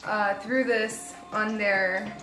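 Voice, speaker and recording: A woman's voice: mid-range voice, steady tone, very slow, reverberant, over music, poor audio. A young adult woman giving a casual, rambling tarot reading, chatty and laughing at herself. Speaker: tarot reader.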